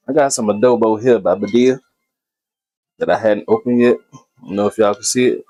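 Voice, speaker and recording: A man talks his viewers through a home cooking video in an easy, casual way. His voice is mellow and warm, and he often says a phrase twice. He addresses the audience as y'all. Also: on the low side, a little fast.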